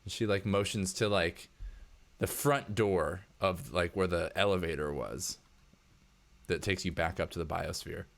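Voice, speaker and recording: Game master, male, lowish pitch, casual rambling narration. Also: measured pace, vocal fry. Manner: casual, lots of filler "like".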